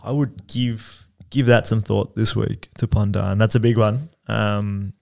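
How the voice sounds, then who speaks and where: A man's voice: fairly low pitch, steady tone, measured pace, vocal fry, a little mellow. A man in his thirties co-hosting a podcast in casual chat, rambling with fillers and casual swearing. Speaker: podcast co-host.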